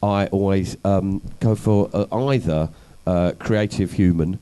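A man being interviewed, telling long wry anecdotes about his comedy and activism in a relaxed, self-deprecating way. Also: deep voice, unhurried, a little hiss or hum, low-quality recording. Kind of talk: conversational storytelling interview.

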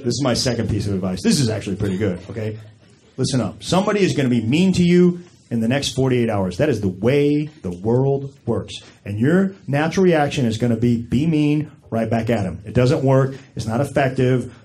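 A man's voice: medium pitch, animated, a little fast. A man doing a stand-up routine, telling stories to a crowd in a chatty, conversational way. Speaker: stand-up comedian. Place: comedy stage with live audience. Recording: loud crowd laughter and room noise.

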